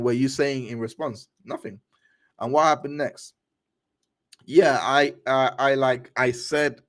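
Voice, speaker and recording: A man reading court transcripts aloud for his show, stumbling over lines and adding his own asides. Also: mid-range voice. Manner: reads all parts aloud, stumbling and restarting, with asides. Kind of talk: cold read of a transcript with commentary.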